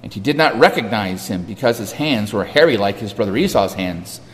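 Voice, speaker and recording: A man reading scripture aloud in a measured way, with small restarts, heard with a long hall reverb. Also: fairly low pitch, animated. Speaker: scripture reader.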